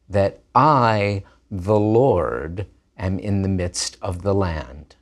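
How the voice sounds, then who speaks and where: A man teaches at an unhurried, deliberate pace, his voice rising and falling widely as he explains and sounds out words. His voice sits fairly low. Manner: animated, plays with vowel sounds. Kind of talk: scripted lesson narration.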